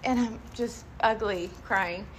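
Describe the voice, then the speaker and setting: A woman giving a live motivational talk to a group, animated and chatty, often laughing and asking the audience questions. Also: a little high, takes it slowly, a little hiss or hum. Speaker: motivational speaker addressing a group.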